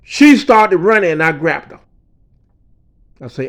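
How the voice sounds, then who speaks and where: A man telling a personal story in a quiet, low-key way, often dropping to a mutter and swearing freely. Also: very animated, unhurried, pauses often. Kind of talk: personal story told casually.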